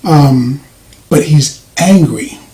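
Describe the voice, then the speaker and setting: A soft-spoken man giving a casual movie review, rambling with frequent fillers and restarts. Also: on the high side, extremely slow, low-quality recording. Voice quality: voice does not carry, soft-spoken.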